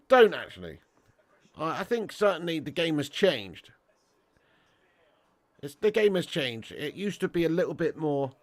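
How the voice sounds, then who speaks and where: A man's voice: mid-range voice, fairly bright tone, no echo. A British man hosting a live football watch-along, chatting casually and reading out viewer comments. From Britain. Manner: chatty, laughs often, calls viewers mate and lad.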